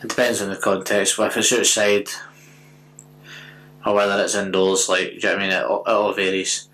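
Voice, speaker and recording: A man's voice: on the low side, little pitch movement, a little fast, a bit bright, low-quality recording. A Scottish man in his twenties co-hosting a podcast, blunt and sweary in casual chat. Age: 20s. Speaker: podcast co-host.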